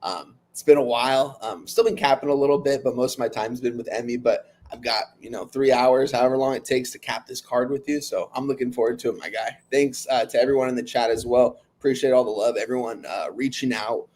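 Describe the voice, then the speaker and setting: Young male guest on a video call, relaxed and friendly, warm-hearted casual chat. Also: medium pitch, a little fast, hardly any pauses. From Los Angeles, California. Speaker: guest sports handicapper.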